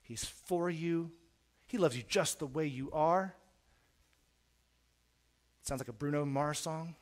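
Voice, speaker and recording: A middle-aged man preaching a sermon in an earnest way, repeating words as he starts phrases and swinging from quiet to loud. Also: fairly high pitch, takes it slowly.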